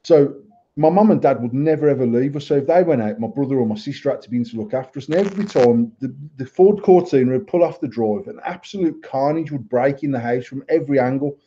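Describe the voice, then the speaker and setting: A man's voice: medium pitch, fast, mellow. A man, co-hosting a podcast and telling a rambling family anecdote in casual, sweary chat. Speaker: podcast co-host. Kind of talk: casual storytelling. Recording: dull lo-fi audio.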